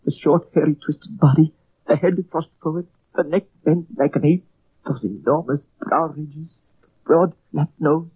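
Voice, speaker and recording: Frightened Frenchman, French accent, husky, raised pitch, dull old radio sound. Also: steady tone, normal speed, dry recording. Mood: urgent. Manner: tense, urgent, fearful. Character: frightened French man who believes in a caveman. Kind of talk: 1940s radio acting.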